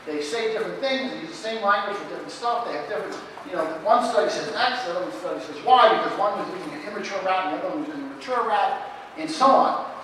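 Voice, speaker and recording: A middle-aged man speaks animatedly in a live Q&A, his voice high and bright. He tells anecdotes and restarts his sentences often. He is recorded from a distant mic in a reverberant lecture hall. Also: expressive, quick pace. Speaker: guest speaker in a Q&A. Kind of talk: live Q&A answer. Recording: echoey hall from a distant mic, faint background noise.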